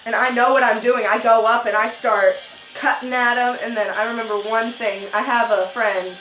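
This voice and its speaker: A young woman vlogger telling a story in a casual chat, animated and acting out quotes. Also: normal speed, reverberant, soft background music, rough recording. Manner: animated, acts out quotes with sudden high squeals.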